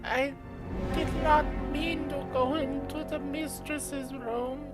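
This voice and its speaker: A frightened, lonely servant begging to be heard, as a woman puts the voice on. The voice sits up high and trembles with every plea, and the words come slowly, like a fantasy game figure read aloud by a streamer. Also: fairly even intonation, over loud music. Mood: pleading, frightened. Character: timid, pleading captive servant, lonely and frightened. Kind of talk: reading game dialogue aloud.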